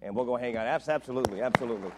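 A middle-aged man preaching as a visiting pastor, telling jokes and family stories in an animated way. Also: mid-range voice, rapid-fire, very noisy. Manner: joking, animated storytelling. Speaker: guest preacher. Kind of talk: sermon.

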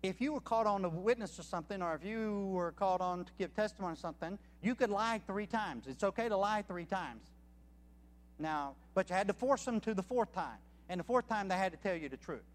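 A man with a high voice preaches to a congregation, pressing each point with emphasis and numbering his arguments. His words ring out with a long reverb through a church hall. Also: expressive, a little fast. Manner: emphatic, counts points off one by one. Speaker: missionary preacher. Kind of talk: sermon.

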